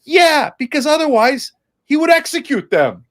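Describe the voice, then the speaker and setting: A man's voice: sits high, very animated, moderate pace. A man who is a political candidate, making his case in an interview in a sarcastic, combative way. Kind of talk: impassioned political interview talk.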